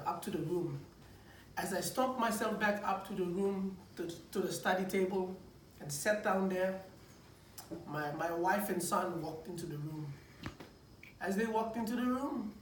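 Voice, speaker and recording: A man, a preacher, giving a personal testimony in a lively storytelling manner, stumbling over restarts and repeating words as he goes. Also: high voice. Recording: echoey room, distant mic, faint noise.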